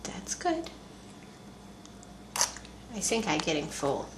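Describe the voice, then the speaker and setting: A mother softly coaxing her baby through a feeding, speaking in gentle baby talk on a home video. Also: lowish voice, very animated, slow pace, background noise. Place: room at home. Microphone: home video camera. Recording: echoey home video room.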